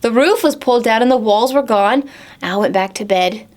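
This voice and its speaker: A woman's voice: on the high side, normal speed. A young woman who is a children's librarian, reading a picture book aloud at a preschool storytime and asking the children encouraging questions.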